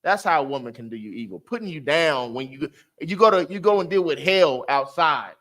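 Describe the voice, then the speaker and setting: A man teaches a Bible class in loose street slang, sliding into animated, preachy exclamations. His voice sits fairly high and rings bright and forceful. He talks to the group directly and keeps the energy up. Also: a little fast.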